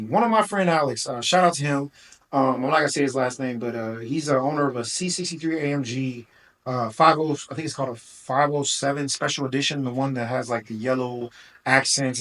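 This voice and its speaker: A man's voice: mid-range voice, fairly bright tone, low-quality recording. Casual man telling a rental story. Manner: rambling, many fillers and quoted dialogue. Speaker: car rental business owner.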